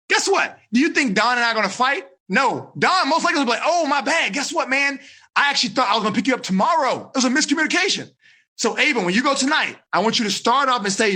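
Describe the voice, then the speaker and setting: A lively male coach teaching teenagers, his voice high, bright and a little husky. He swoops all over his range as he acts out little conversations and keeps asking the class for thumbs up or down. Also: quick pace. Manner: animated, acts out dialogues, asks thumbs up or down. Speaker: teen life coach.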